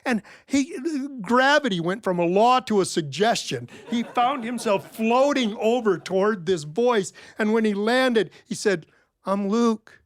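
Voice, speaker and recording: A middle-aged man telling a folk tale in a wry, folksy, animated way. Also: high voice, measured pace, hardly any pauses, no room sound. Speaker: storyteller. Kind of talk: told folk-tale storytelling.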